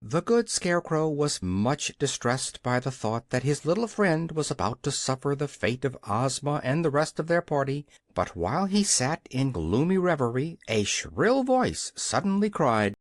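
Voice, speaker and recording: An audiobook narrator reading a children's fantasy story in an expressive storytelling way. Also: mid-range voice, normal speed, hardly any pauses, dry recording, studio quality. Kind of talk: scripted narration.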